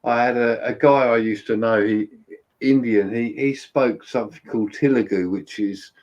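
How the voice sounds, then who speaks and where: A man's voice: medium pitch, steady tone, moderate pace, a little mellow, highs cut off. A man from England hosting a casual live chat, chatty and telling stories, sometimes quoting other people in voices. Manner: chatty, storytelling with quoted voices.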